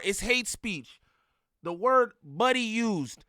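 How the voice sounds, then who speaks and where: A man's voice: sits high, slow, pushed and bright, no echo, studio quality. A man giving blunt, slangy reaction commentary on a clip, getting heated.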